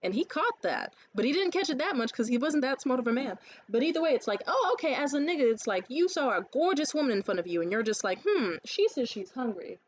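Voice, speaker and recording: A woman with a fairly high voice vents to the camera in a casual, animated rant. She swears freely and slips into impressions of others mid-story. The recording sounds slightly dull and muffled. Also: slight background noise. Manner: acts out others' lines in quick asides. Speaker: vlogger.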